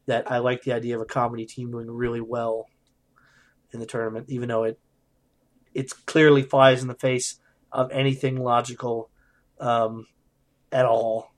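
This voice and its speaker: A man co-hosting a podcast in casual chat, animated and jokey, with bursts of excitement. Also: medium pitch, moderate pace, long pauses. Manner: animated, jokey, trails off with fillers. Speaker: podcast co-host.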